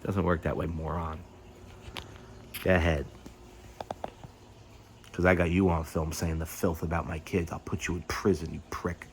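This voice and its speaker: A middle-aged man talks straight to his vlog audience with a somewhat low voice. He is agitated and profane, halting with fillers as he vents. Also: flat delivery, slight background noise. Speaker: YouTube host. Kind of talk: candid personal vlog rant.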